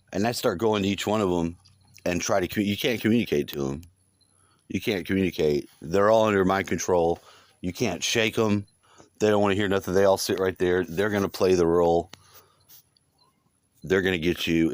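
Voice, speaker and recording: A man's voice: low voice, moderate pace, long pauses, dry recording. A man telling a long dream in a rambling, casual monologue, swearing often and repeating himself. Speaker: vlogger recounting a dream.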